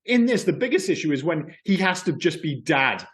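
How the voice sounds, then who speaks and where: A man whose voice sits a little high for a man. He co-hosts a podcast in a relaxed, chatty way. He argues his opinions hard and swears without a second thought. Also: normal speed. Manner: opinionated, swears freely, frequent restarts. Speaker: podcast co-host. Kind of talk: casual film chat.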